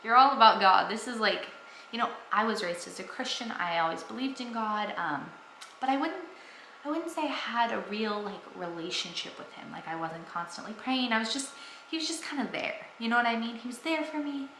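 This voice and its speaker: A woman's voice: a little high, animated, a little fast, fairly bright tone, roomy sound, a little hiss or hum, rough recording. A young woman vlogging at home, talking earnestly and enthusiastically about her faith to the camera. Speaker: family vlogger. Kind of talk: casual faith talk to camera.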